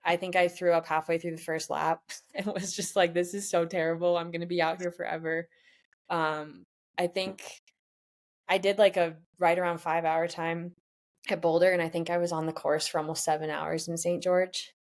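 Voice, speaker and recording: Speaking at normal speed, a woman with a lowish voice keeps her pitch mostly steady. The professional triathlete, in her twenties, shares the story of a tough race during a casual podcast interview, quoting herself and others along the way.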